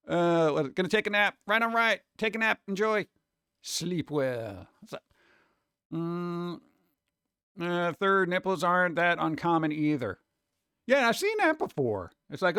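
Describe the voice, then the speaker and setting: Rambling, animated man chatting casually. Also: sits high, takes it slowly, long pauses, clear, resonant tone, no room sound, clean studio sound. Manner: rambling, animated, jokey with mock voices. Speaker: streamer chatting with viewers. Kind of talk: casual live-stream chat.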